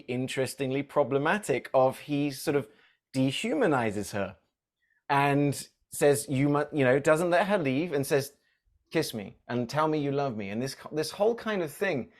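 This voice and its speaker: A man co-hosting a casual film podcast, earnest and emotional, turning questions to the others. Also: on the high side. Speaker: podcast co-host. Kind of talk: casual movie discussion.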